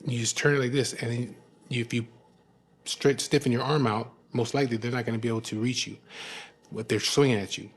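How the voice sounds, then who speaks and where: A man frankly telling the story of his own past, in rough, profane speech full of "you know what I mean". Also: medium pitch, fairly even intonation, fairly quick. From California. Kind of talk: candid personal storytelling.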